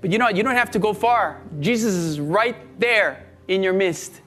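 A pastor with a notably high male voice leads his church in prayer, earnest and pleading, repeating phrases for emphasis. Soft music plays faintly underneath. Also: normal speed. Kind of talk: sermon and altar-call prayer.

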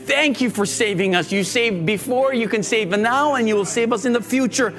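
A pastor with a notably high male voice leads his church in prayer, earnest and pleading, repeating phrases for emphasis. Soft music plays faintly underneath. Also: normal speed. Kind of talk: sermon and altar-call prayer.

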